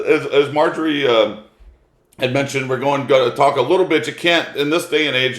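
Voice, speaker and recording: Brief: middle-aged male presenter, casual and joking, low-pitched, recorded in a roomy space. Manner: folksy, joking storyteller. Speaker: webinar presenter. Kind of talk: casual webinar lecture. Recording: echoey room.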